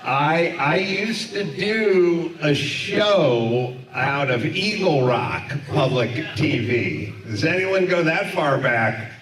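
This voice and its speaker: A man's voice: fairly high pitch, animated, slow pace, a crowd in the background. A middle-aged man hosting, telling a rambling comic story in front of a live audience. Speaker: comedy podcast host. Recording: echoey live room, far mic, audience.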